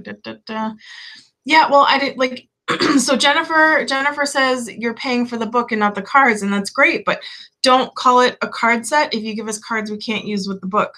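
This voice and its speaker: A woman's voice: mid-range voice, sharp tone. A young woman hosting a casual live-stream chat, candid and rambling, full of fillers and the odd swear. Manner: chatty and candid, lots of "like" and "um", swears freely. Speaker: tarot channel host.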